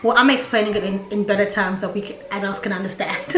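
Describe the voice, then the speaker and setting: A woman's voice: mid-range voice, steady tone, quick pace, fairly bright tone. Candid chatty mother in an echoey room. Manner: candid and chatty, with quoted voices. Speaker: vlogger, mother of four. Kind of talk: casual personal vlog talk. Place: at home. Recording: echoey room with faint hum.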